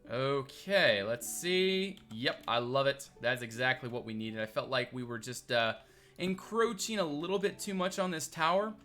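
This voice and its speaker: A man with a bright, forceful voice rambles casually through a live stream, thinking out loud as he builds. He answers his viewers' chat between stray remarks about the work, over a desk mic with keys clicking now and then. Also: medium pitch, moderate pace, soft background music.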